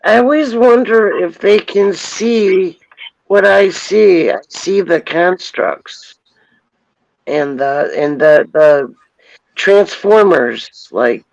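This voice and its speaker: A woman joining a casual spiritual chat as a panel guest, explaining her ideas in a calm, reassuring way. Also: lowish voice, slow pace, creaky, no room sound, muffled recording.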